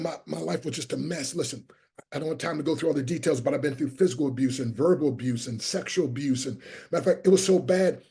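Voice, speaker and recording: A man's voice: on the high side, gravelly, darkish tone, breathy edge. A middle-aged man giving an emphatic motivational speech to a live online audience, repeating his key lines and calling out to the chat. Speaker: motivational speaker.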